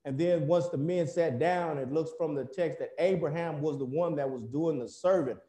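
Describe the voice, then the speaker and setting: An American man preaching a sermon in a church, telling the story in a folksy, animated way with many fillers. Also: a little high, normal speed, echoey room. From United States.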